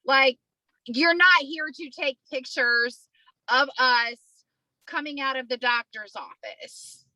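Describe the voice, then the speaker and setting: Brief: woman, animated profane storyteller, bright tone, dry sound. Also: sits high, slow, no echo, muffled recording. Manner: animated, profane, acts out voices while telling a story. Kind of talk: casual storytelling chat.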